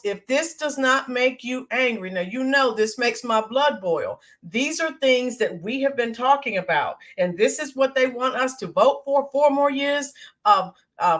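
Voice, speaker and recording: A woman's voice: a little high, a bit bright. Chatty American woman hosting a livestream. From United States. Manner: greets viewers by name, chatty with filler ums. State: voice slightly hoarse from screaming. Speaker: livestream host. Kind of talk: casual live-stream chat.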